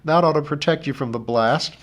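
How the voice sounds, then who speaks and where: A man's voice: a little high, a little fast, voice pushed up, natural voice. A man reading aloud who voices a brave, stubborn teenage boy in a grim, determined way.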